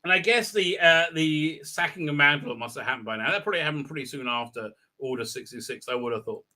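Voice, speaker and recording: A man's voice: a little high, fast, bright, forceful tone. A man hosting a live stream recap, talking crudely and rambling with many fillers and restarts. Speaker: live show host.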